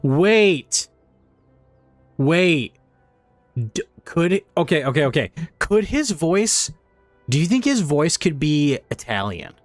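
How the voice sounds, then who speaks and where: A man streams a game and talks through it in a loose, rambling way, laughing and swearing often. His pitch moves around a lot, and the recording sounds dry, with faint game music underneath. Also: big pitch swings, measured pace, no echo. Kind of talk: casual let's play commentary.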